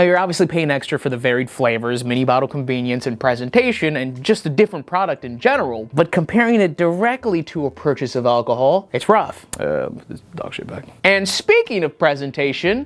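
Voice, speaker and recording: A man doing a comedic product review vlog, sarcastic and profane, recording at home in front of a green screen. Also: fairly high pitch. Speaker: YouTube vlogger.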